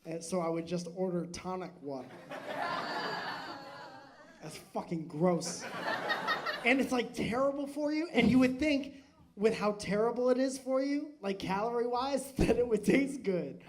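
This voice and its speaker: High-voiced man doing stand-up crowd work. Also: unhurried, pauses often. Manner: loose, joking, swears, often laughing. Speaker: comedian on stage, crowd work. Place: live venue stage. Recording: noisy live club recording.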